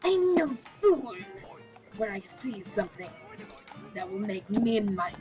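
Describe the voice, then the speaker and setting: A woman voicing a fierce adult woman, a protective mother, in a shrill scolding tone. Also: steady tone, moderate pace, lo-fi sound, faint music behind, lightly acted. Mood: shouting.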